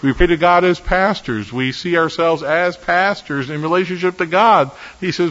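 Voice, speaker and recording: A man's voice: sits high, fairly bright tone. Male pastor, earnest emphatic sermon delivery, long hall reverb, slightly muffled sound. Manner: earnest, emphatic preaching with measured pauses.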